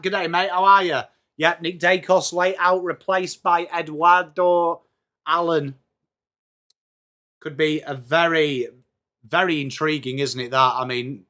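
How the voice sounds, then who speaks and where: A man's voice: on the high side, bright, forceful tone. A man with an English accent hosting a casual live sports watchalong stream, chatting and greeting viewers by name. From England.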